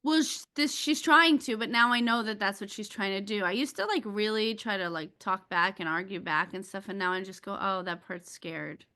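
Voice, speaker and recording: Bright-voiced, reflective woman podcast host. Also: mid-range voice, brisk, few pauses. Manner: open, reflective, self-disclosing. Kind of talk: reflective conversational chat.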